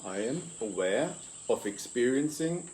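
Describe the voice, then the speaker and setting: A man hosting an interview as a consciousness coach, calmly explaining ideas step by step and posing rhetorical questions to the listener. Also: mid-range voice, measured pace, a little hiss or hum. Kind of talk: reflective interview talk.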